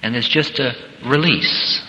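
A man's voice: mid-range voice, measured pace, pushed and bright, dull audio, a little hiss or hum. A man giving a reflective, conversational workshop talk as a spiritual teacher, now and then acting out little scenarios. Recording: echoey hall with long reverb.

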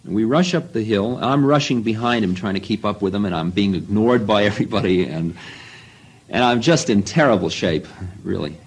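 A man's voice: on the low side, brisk, breathy edge, low-quality recording. A man telling a rambling first-person story, full of asides and self-mocking remarks.

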